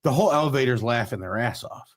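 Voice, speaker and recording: A man co-hosting a podcast, telling lively stories in casual chat, acting out quotes and laughing often. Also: medium pitch, quick pace. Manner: animated storyteller, acts out quotes, laughs often. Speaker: podcast co-host.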